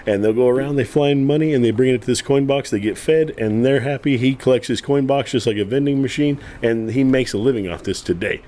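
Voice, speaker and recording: A man co-hosting a casual podcast, telling a side story in a relaxed way with plenty of pauses and fillers. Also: medium pitch. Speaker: podcast co-host. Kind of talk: casual chat.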